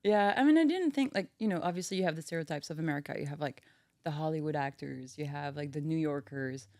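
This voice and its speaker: A woman's voice: sits low, animated, fast talker, a little mellow, dry recording, studio quality. A woman from France in her thirties with a French accent, chatting casually as a podcast guest and filling her talk with "like.". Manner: chatty, many fillers like "like". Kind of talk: casual chat.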